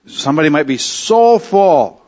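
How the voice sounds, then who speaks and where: A man preaching an expository sermon, teaching slowly and deliberately, repeating key phrases for emphasis. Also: a little high, sing-song, a little mellow, muffled recording. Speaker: pastor.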